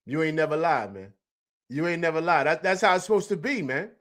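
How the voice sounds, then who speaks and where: A man's voice: a little high, expressive, fairly quick, a bit bright. A man hosting a live stream, chatting casually in slang, repeating himself and answering viewers from the chat. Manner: loose slangy talk, repeats himself, reads chat aloud.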